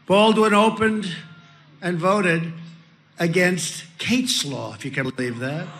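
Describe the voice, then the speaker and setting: A man giving a political rally speech, introducing candidates in a boastful, repetitive, ad-libbing way, shouting his punchlines. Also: high voice, slow, a little hiss or hum.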